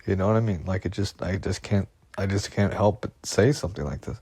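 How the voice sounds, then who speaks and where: A man's voice: low-pitched, fairly quick, few pauses, darkish tone, breathy edge, no room sound. A man rambling anxiously into a phone voice memo, swearing and repeating himself as he goes. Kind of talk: rambling personal monologue.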